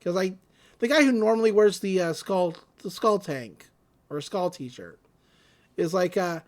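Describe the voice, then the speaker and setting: This podcast co-host is a woman whose voice runs on the low side, with a darkish tone, an animated delivery and an unhurried pace. She rambles through a recap of a cartoon episode, laughing, using fillers and performing the characters' parts.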